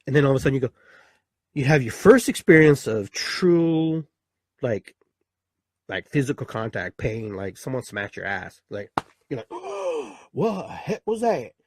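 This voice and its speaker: A middle-aged man talks loosely and animatedly to his live audience, drifting from one thought to the next. His voice is husky, and the sound is dry and close with no room around it. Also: medium pitch, normal speed, long pauses, dry recording. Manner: rambling, animated, acts out a newborn's voice. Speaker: live show host. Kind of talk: casual spiritual talk to live viewers.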